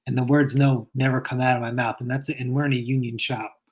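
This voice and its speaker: A man who works as a mechanic joins a live stream chat and talks in an easygoing, agreeable way. His voice sits in the middle of the range, plain and even. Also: medium pitch, quick pace. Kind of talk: casual chat.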